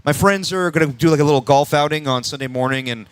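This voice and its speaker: A man's voice: on the high side, fast talker, clean tone. A man co-hosting a sports radio show, easygoing and laughing along. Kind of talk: casual radio chat.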